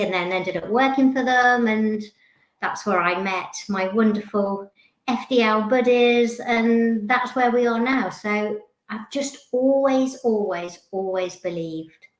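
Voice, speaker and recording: A woman's voice: mid-range voice, takes it slowly. A woman, a paranormal investigator, chatting casually and easily with many fillers. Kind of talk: casual chat. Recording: roomy echo.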